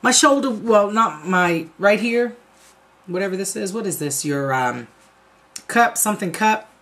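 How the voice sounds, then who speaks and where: A woman's voice: medium pitch, lively intonation, measured pace, a bit bright. A woman, telling a profane, comic story to her viewers in a casual vlog. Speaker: vlogger.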